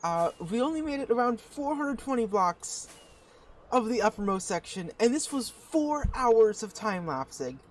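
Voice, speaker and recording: A woman giving casual gameplay commentary as a channel host. She talks excitedly, thinking aloud and restarting her sentences. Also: a little high, normal speed, slight background noise.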